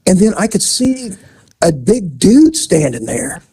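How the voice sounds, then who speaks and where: Dark-voiced man telling a police story. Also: high voice, measured pace, breathy edge, dry recording. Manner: animated, acts out voices in his stories. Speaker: former police officer telling stories. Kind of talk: casual storytelling.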